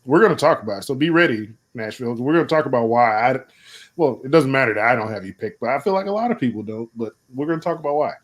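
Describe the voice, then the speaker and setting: A man co-hosting a casual live stream, excitable and laughing, talking faster when he makes a point. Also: mid-range voice. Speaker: co-host.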